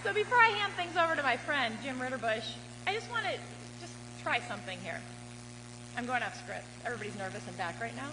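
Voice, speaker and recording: A woman's voice: a little high, lively intonation, quick pace. A woman from Wisconsin, a politician giving a rousing campaign rally speech and leading the crowd in call-and-response. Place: large hall at a campaign rally. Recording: reverberant hall with loud crowd noise.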